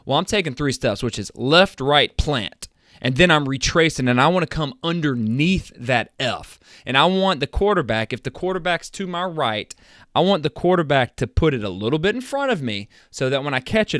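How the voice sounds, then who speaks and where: A man teaching football plays from his webcam, fired up and emphatic, talking himself nearly to a yell. His voice sits at an ordinary middle pitch. The sound is dry and close, with no room echo. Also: normal speed. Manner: energetic, emphatic, talks himself into near-yelling. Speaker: football coach. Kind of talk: chalk-talk lesson on a live stream. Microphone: seated at a webcam.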